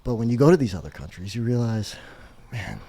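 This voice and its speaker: Middle-aged man, podcast guest, casual storytelling, animated, fairly low voice, lively pitch. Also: a little fast, breathy edge. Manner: animated, laughs through his story.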